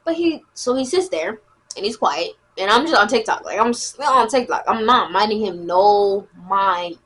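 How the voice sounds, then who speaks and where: Animated, husky-voiced young woman telling a story. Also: mid-range voice, moderate pace. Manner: chatty, animated storytelling with lots of "like" and "bro". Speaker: vlogger. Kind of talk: casual storytime vlog.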